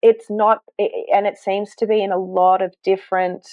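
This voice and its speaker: A woman, a health coach, telling her story to a podcast host in an earnest, animated way, with self-deprecating asides. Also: medium pitch, moderate pace, dry recording. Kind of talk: conversational storytelling. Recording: dull, dry sound.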